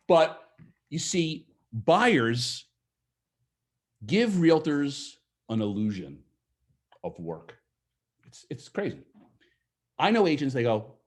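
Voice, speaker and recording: A man giving a lively seminar talk to an audience of agents, asking them questions and acting out what clients say. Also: on the high side. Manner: energetic, asks the audience questions, acts out quoted clients. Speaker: real estate sales trainer.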